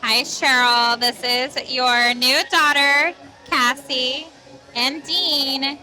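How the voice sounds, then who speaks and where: A woman leaving a bubbly, flattering birthday voice message for her mother-in-law. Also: high voice, poor audio. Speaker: daughter-in-law, party guest. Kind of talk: guest book voice message.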